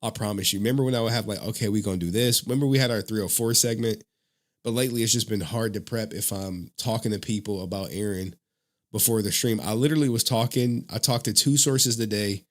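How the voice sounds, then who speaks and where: A man with a fairly low voice runs a loose, casual live stream. He rambles from one thought to the next and breaks into laughter as he answers his viewers. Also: quick pace. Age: adult father of a young child. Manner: rambling, laughs often, talks to chat.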